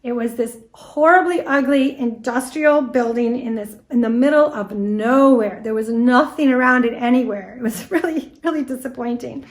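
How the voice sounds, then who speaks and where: Telling a story in her role as a guest speaker on antique doll history, an animated woman from the United States speaks at a fairly high pitch and a moderate pace, with hardly any pauses. Her presentation is anecdotal and spirited, sprinkled with quoted dialogue.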